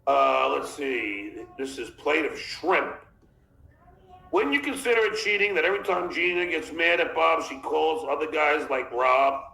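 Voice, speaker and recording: A man's voice: fairly high pitch, animated, measured pace, vocal fry, pushed and bright, echoey room, faint music behind, poor audio. A man hosting a podcast in casual chat, rambling and reading chat messages aloud. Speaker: podcast host.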